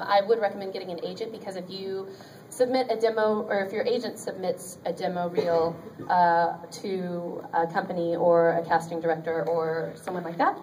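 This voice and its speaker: A woman's voice: on the low side, a little hiss or hum. A woman voice actor speaking on a convention panel, giving chatty, upbeat career advice with many ums and small laughs. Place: convention panel room with an audience. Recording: distant audience recording in a convention room.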